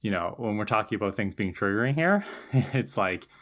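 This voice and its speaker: A man's voice: on the low side, lively intonation, normal speed, a bit bright. A man co-hosting a podcast in casual chat, thoughtful and analytical, laughing easily. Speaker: podcast co-host.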